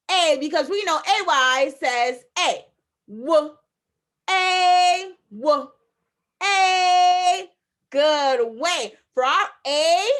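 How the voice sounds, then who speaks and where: A woman teaching a phonics lesson to young children, sounding out letters slowly and emphatically, with repeated encouragement. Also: high-pitched, bright, forceful tone. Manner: encouraging, repeats phrases to the class. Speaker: kindergarten teacher.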